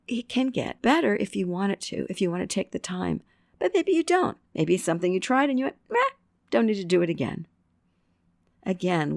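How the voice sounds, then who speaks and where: A middle-aged woman hosting a self-help podcast, talking casually and upbeat, acting out quoted self-talk with big swings in pitch. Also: gravelly, no echo, studio quality. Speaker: podcast host.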